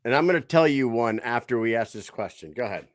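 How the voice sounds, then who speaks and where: A man's voice: mid-range voice, lively intonation, quick pace, dry recording, clean studio sound. A man co-hosting a podcast, joking around and telling crude jokes with gusto. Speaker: podcast co-host. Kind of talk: casual podcast chat.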